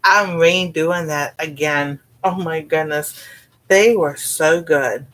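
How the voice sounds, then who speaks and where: A Southern US woman hosts a cooking channel, chatting easygoingly on a livestream in a slightly low, unhurried voice with a bit of brightness. She wanders folksily from point to point, says "y'all," and laughs often.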